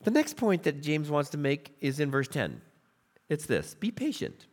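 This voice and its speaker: A middle-aged pastor preaches with an animated, storytelling manner, his slightly high voice swooping widely up and down. He acts out the voices of the figures in the stories he tells. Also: normal speed. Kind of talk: sermon.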